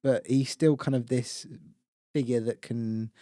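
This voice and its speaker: Mellow-voiced man on a podcast. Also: medium pitch, fairly even intonation, measured pace, dry recording, studio quality. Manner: rambling, trails off into quieter asides. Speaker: podcast co-host. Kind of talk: casual film review chat.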